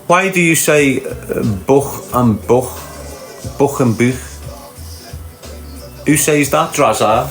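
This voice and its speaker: A man with a Liverpool accent talks in a loose, rambling way, often tagging his points with rhetorical questions. He sits in a roomy, echoey space with faint music under him. His voice sits at an ordinary middle pitch. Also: animated, slow pace, pauses often. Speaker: podcast host. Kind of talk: casual chat.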